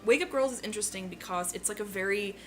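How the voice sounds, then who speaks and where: A woman's voice: medium pitch, fast talker. Woman, casual q&a chat, jokey and rambly, music going in the background. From Maritimes, Canada. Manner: chatty, joking, many "like"s. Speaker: co-host.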